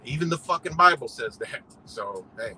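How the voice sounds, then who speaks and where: A man's voice: mid-range voice, animated, moderate pace, bright, forceful tone, slight background noise, poor audio. A man ranting on a livestream in slangy, profane speech, full of "you know" fillers and emphatic repetition. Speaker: livestream host. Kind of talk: unscripted livestream rant.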